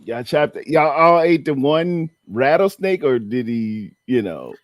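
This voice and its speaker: A man's voice: mid-range voice, very animated, unhurried, no echo, studio quality. A man, hosting a casual chat, telling stories in a drawling, laughing way. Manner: laid-back storyteller, drawling, laughs often. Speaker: host.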